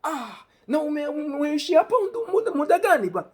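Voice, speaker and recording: A man voicing a middle-aged woman shopper in a buibui, high-pitched and incredulous. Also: sing-song, a little fast, darkish tone. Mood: questioning.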